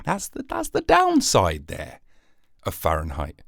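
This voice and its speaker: A man's voice: low-pitched, wildly swooping pitch, measured pace, vocal fry, a bit bright, dry recording, studio quality. A British man hosting his own podcast, rambling through a jokey, sarcastic solo monologue. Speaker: podcast host.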